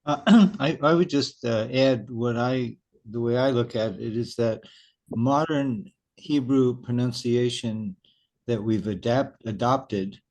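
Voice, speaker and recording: Slow, hesitant man adding a comment. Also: mid-range voice, a little mellow. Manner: slow, hesitant, halting phrasing. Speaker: study group participant.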